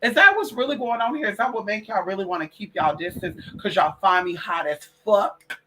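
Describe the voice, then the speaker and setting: A woman's voice: medium pitch, animated, fairly quick, sharp tone, a little hiss or hum. A woman hosting a late-night livestream in casual, profane chat, calling her listeners girl and y'all. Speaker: livestream host.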